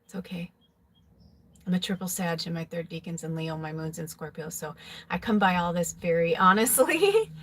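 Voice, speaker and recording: A woman with a lowish voice talks through a personal memory in an easy, confessional ramble. She strings her thoughts together with constant "like" and "you know." Her tone stays open and emotional throughout. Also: animated, fairly quick, slight background noise. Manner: rambling, filler-heavy, with frequent "like". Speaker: psychic tarot reader. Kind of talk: casual personal storytelling.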